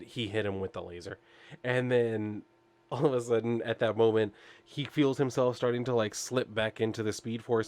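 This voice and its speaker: Rambling casual man recapping comics. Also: on the low side. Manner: rambling, full of "like" and "I guess", chuckles often. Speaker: comic book reviewer.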